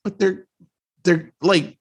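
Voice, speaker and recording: A man co-hosting a podcast, casually retelling a story with lively quoted asides. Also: high voice, takes it slowly, husky. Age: adult with a ten-year-old son. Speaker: podcast co-host.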